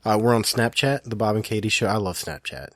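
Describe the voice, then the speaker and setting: A man's voice: lowish voice, a little fast, no room sound. Easygoing podcast man, dry close mic. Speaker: podcast co-host. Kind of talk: casual chat.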